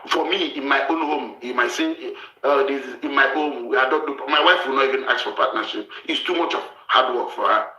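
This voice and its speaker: A man's voice: mid-range voice, a little fast, few pauses, roomy sound, faint music behind, poor audio. A man from Africa hosting a show, giving blunt, lecturing relationship advice and repeating his points. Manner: forceful, lecturing, repeats himself.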